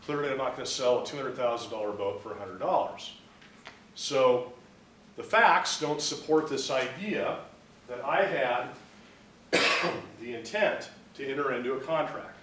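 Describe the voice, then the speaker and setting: A man's voice: medium pitch, lively intonation, a little slow, a bit bright, slight background noise. A man giving a business law lecture, explaining terms step by step and acting out a story to make a point. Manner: explains with acted-out anecdotes. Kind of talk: classroom lecture. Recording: roomy, mic at a distance.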